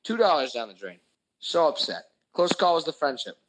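A young man with a fairly high voice tells a rambling story in casual chat. He swears constantly and gets worked up as he acts out his own anger. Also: very animated, moderate pace, fairly bright tone, low-quality recording. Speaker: podcast host telling a story.

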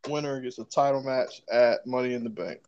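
A man's voice: medium pitch, a little fast, darkish tone, clear, resonant tone, lo-fi sound. A man in casual chat about wrestling, laid-back and swearing casually.

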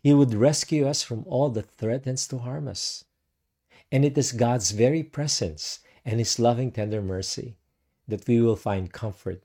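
A man giving a devotional sermon in a slow, measured way, letting his phrases trail off softly. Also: medium pitch, faint music behind. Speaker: preacher.

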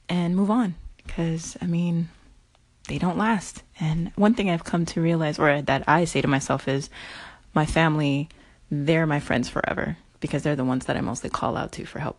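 Low-voiced woman in a dry voice message. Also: darkish tone, no echo. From Arizona. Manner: reflective, earnest, many "you know"s. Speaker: caller to the podcast. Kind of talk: casual voice message.

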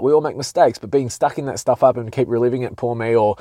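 A man's voice: medium pitch, fast talker, few pauses, dark tone, no echo, studio quality. A man hosting a casual solo podcast. He speaks candidly, swears freely and often restarts his sentences. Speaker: podcast host.

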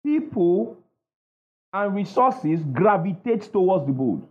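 A man's voice: high-pitched, big pitch swings, slow pace. A man preaching a sermon with emphatic call-and-response, asking the congregation to finish his lines. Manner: emphatic call-and-response, asks the crowd "what?". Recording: dull lo-fi sound.

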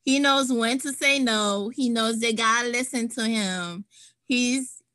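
A woman's voice: on the high side, unhurried, fairly bright tone, no room sound. A woman co-hosting a casual podcast, chatting about parenting with frequent "like"s and easy laughter. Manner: chatty, laughs easily, filler "like". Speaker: podcast co-host.

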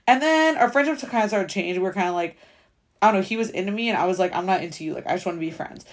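A woman's voice: medium pitch, lively intonation. A woman in her twenties hosting a solo podcast, rambling casually with lots of fillers and swearing. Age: 20s. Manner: rambling, filler-heavy valley-girl talk with frequent swearing; fast, chatty storytelling. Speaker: podcast host.

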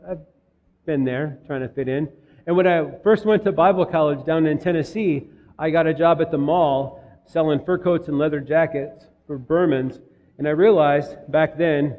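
A man's voice: a little high, long reverb tail, narrow, tinny audio. A man from Minnesota preaching a sermon, telling stories in a conversational way. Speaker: pastor.

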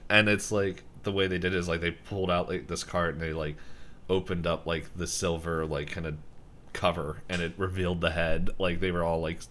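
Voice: sits low, flat delivery, brisk, fairly bright tone. A podcast co-host rambling casually through a story, filling it with "like" and laughing often. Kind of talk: casual chat.

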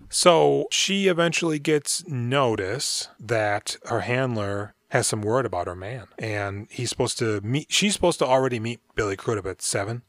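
A man's voice: fairly low pitch, no room sound, studio quality. A man hosting a podcast, casually retelling a film's plot in a rambling, profane way and acting out the characters' lines. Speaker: podcast co-host. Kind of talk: casual movie recap.

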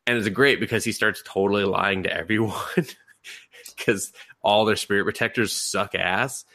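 Bright-voiced man recapping a show. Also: on the low side, measured pace. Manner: animated storytelling, acting out characters' lines and laughing. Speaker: podcast host. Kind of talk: casual chat recapping an anime.

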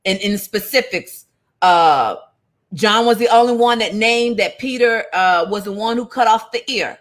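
Unhurried woman Bible teacher, folksy and engaging, calls out to her listeners. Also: a little high. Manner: lively and conversational, calling out to listeners. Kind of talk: casual sermon-style Bible teaching.

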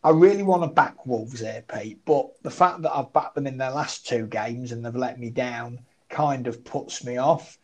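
A man talking through football bets in a relaxed podcast chat. He thinks aloud, circles back on his points and makes fun of his own earlier tips. His voice sits at an average pitch. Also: moderate pace, rough recording. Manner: chatty, self-deprecating, thinks aloud. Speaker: football betting tipster. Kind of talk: casual betting podcast chat.

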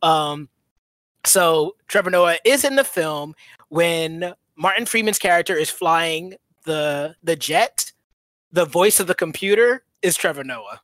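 A podcast co-host in a casual movie chat, talking in an animated way with frequent laughs and quick asides. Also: medium pitch, no echo.

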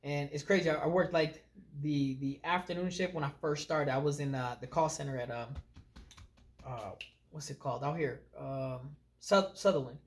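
A man with a somewhat high voice talks at a moderate pace while co-hosting a podcast. He tells stories with lots of animation in casual chat, filling his speech with plenty of fillers.

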